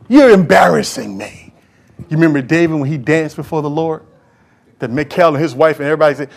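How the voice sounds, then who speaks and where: A man preaching a sermon as pastor, impassioned and talking straight to the congregation, swinging from loud calls to hushed whispers. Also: on the high side, lively intonation, a little fast, creaky. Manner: addresses congregation directly, acts out quoted voices.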